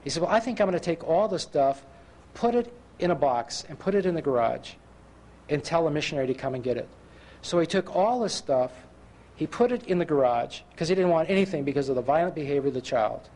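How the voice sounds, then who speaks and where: A man preaching a sermon, telling a story and acting out the voices of the people in it, slowing down for emphasis. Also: a little high. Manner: animated, acts out quoted voices.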